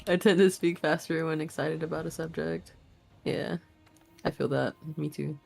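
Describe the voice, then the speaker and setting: A woman's voice: low voice, fairly even intonation, normal speed, gravelly, darkish tone, faint music behind. A woman chatting while gaming on a stream, giggling and teasing. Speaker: co-player. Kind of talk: casual game stream chat.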